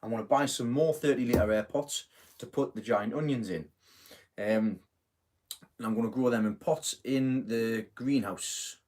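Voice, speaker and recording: A man's voice: mid-range voice, a little slow, a little mellow. A middle-aged man hosting a casual live stream, chatting in a rambling way, full of fillers and self-corrections. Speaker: host of a live gardening stream.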